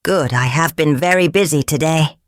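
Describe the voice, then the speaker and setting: A woman voicing a brisk, plainspoken male blacksmith in a storybook. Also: low voice, no echo, studio quality, close to an everyday voice.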